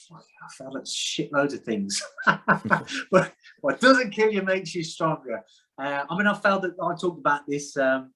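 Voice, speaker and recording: A man's voice: fairly high pitch, fairly bright tone, husky, poor audio. Candid, rambling man. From United Kingdom. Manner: candid, rambling, frequent restarts and swearing. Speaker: podcast guest. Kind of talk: casual conversation. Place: outdoors in the sun.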